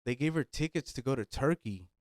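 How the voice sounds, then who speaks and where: A young man, co-hosting a podcast and telling stories in a relaxed way, swearing casually. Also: medium pitch, fairly quick, dry recording, studio quality. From United States. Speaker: podcast co-host. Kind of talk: casual chat.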